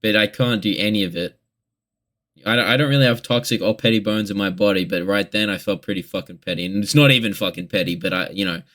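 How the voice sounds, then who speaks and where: A man's voice: lowish voice, quick pace, fairly bright tone. A young man in a casual confessional vlog monologue, rambling and candid with heavy swearing. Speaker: vlogger.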